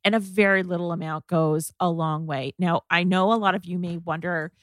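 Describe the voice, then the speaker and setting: Woman, podcast host, chatty and casual, slightly low voice, dry close recording. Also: steady tone, normal speed, a bit bright, dry recording. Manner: chatty, filler-heavy product talk.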